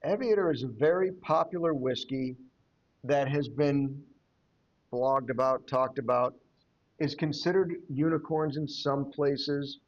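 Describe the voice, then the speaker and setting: A man's voice: medium pitch, fairly even intonation, a little slow, lo-fi sound. A man co-hosting a casual podcast, joking and teasing in banter. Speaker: podcast co-host. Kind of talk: casual chat.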